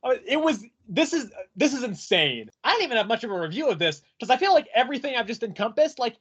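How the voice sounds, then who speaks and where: A man's voice: very high-pitched, fast, breathy edge. A man co-hosting a comics podcast, ranting animatedly and swearing as he acts out quotes in casual chat. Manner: animated, profane, rants with acted-out quotes. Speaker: podcast co-host reviewing comics.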